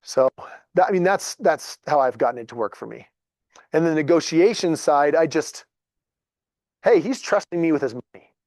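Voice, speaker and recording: A man, telling stories casually to a group in a lively, chatty way and acting out what people said. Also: fairly high pitch, moderate pace, long pauses, no room sound, clean studio sound. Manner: animated, chatty, acts out dialogue. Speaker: real estate agent. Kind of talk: casual storytelling talk to a group.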